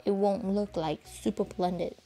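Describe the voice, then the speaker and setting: A woman giving a chatty nail-art tutorial voice-over, talking casually to viewers and keeping her voice hushed at times. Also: medium pitch, fairly even intonation, unhurried, soft background music. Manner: soft, hushed and breathy at times, keeping quiet for a sleeping child; chatty and informal, addressing viewers as "guys". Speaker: nail educator.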